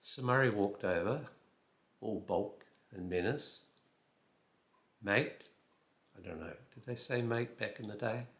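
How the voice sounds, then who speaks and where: A New Zealand storyteller in his eighties, speaking with an Australian accent, tells a personal anecdote at an unhurried pace. His voice sits on the low side, and he adds fillers and wry asides. The recording sounds reverberant.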